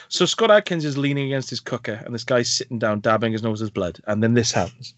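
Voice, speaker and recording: Brief podcast co-host, animated storyteller acting out scenes, dry close recording. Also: male voice, medium pitch, fast talker, dry recording. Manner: animated, laughs and acts out scenes. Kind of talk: casual film review chat.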